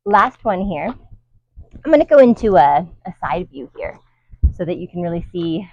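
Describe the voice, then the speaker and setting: A woman's voice: lowish voice, lively intonation, moderate pace, a little mellow, no echo, lo-fi sound. A woman leading a guided workout outdoors, counting reps and coaching with light laughs. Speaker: fitness instructor. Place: outdoors in the wind.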